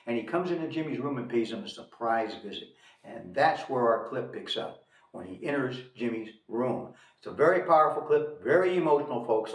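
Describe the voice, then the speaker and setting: Lively man reviewing films, echoey room. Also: mid-range voice, moderate pace. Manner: lively, emphatic storytelling. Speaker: film reviewer host. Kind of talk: casual film review. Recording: echoey room, distant mic.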